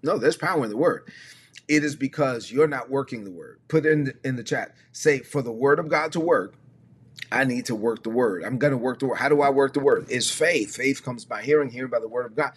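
A man's voice: mid-range voice, fairly quick, husky. A man preaching a streamed sermon as pastor, emphatic and repetitive, often prompting listeners to say words back or type them in the chat.

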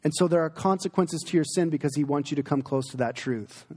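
A middle-aged pastor preaches with earnest emphasis, his fairly high male voice carrying through a large hall. Long reverb trails each phrase as he pauses to drive points home. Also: dark tone, husky. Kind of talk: sermon.

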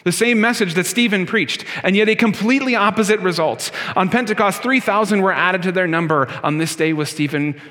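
A man's voice: high voice, brisk, hardly any pauses, bright, forceful tone, in a large hall. A man preaching a sermon as pastor, earnest and emphatic, driving his points home with rhetorical questions.

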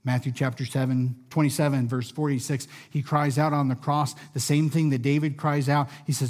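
A man preaching a sermon in a room with listeners, earnest and measured, often dropping softly at the ends of phrases. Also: mid-range voice, flat delivery. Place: room with a gathered audience.

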